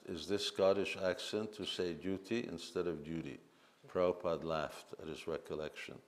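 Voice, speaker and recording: At a temple festival with a translator present, a deep-voiced man reads aloud and addresses the gathering. He reads quotes in a measured voice, then breaks into leading chants.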